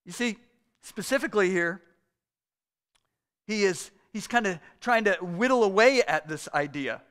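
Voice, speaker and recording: A man's voice: high voice, animated, a little slow, a bit bright, clear, resonant tone. A man preaching an earnest, conversational sermon, often restarting his phrases as he explains a scripture passage. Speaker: pastor.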